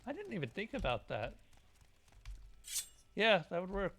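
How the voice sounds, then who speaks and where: A man's voice: sits high, wildly swooping pitch, measured pace, fairly bright tone, a little hiss or hum. A man streaming a video game, giving casual commentary with wry, grumbling asides.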